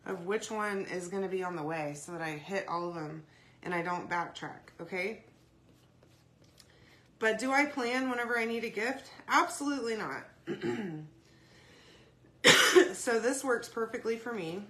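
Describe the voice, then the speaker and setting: A woman hosting a casual craft video, chatty and rambling, often saying "y'all" and "okay?", her throat dry and clearing often. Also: mid-range voice, fairly bright tone. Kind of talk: casual craft demo chat.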